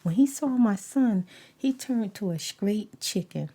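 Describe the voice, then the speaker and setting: A middle-aged woman telling a story in soft-spoken ASMR style, animated, slipping into whispered asides. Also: medium pitch, a little slow, slightly rough. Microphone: desk USB microphone.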